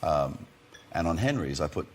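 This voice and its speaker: A man guest on a TV talk show, telling relaxed anecdotes with lots of "you know" and chuckles. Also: extremely low pitch, normal speed, a little hiss or hum. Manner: laid-back storyteller, chuckling, full of you-knows. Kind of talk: casual chat, anecdotes. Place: TV studio with audience.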